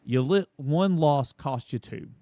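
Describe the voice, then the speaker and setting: A man's voice: on the high side, expressive, a little slow, mellow, no echo. A man co-hosting a casual college football talk show, folksy and drawn out when making a point.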